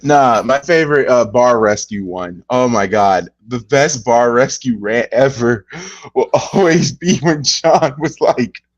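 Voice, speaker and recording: A man hosting a casual chat, laughing a lot and jumping into high impressions. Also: a little slow, highs cut off. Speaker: podcast host.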